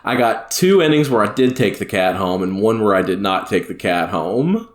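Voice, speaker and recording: A man's voice: fairly low pitch, lively intonation, moderate pace, reverberant. A man co-hosting a casual podcast, talking enthusiastically and saying "like" a lot. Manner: enthusiastic, says "like" often. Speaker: podcast co-host.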